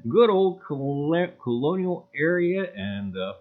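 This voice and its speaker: Folksy livestream host, tinny sound. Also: male voice, fairly high pitch, sing-song, measured pace. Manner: folksy, greets viewers by name, repeats "I tell you what". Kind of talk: casual livestream chat. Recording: tinny phone-like audio.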